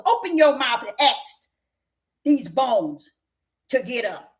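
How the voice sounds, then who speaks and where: Woman preacher, high and lively voice, folksy, emphatic, questioning the congregation. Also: takes it slowly, long pauses. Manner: emphatic, repetitive, questioning the listeners; folksy, with breaks into laughter. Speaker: prophetess preaching. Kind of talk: sermon.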